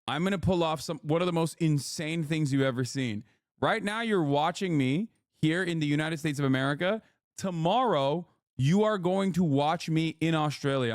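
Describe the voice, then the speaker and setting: A man live-streaming to his chat, emphatic and profane, often checking in with a quick question. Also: on the high side, no room sound, studio quality. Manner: emphatic, profane, keeps asking "okay?". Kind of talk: livestream chat.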